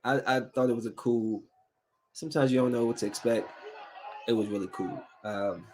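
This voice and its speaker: A man's voice: mid-range voice, steady tone, normal speed, a little mellow, a little hiss or hum. A man hosting a casual solo podcast, rambling and laughing as he talks to viewers. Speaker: podcast host.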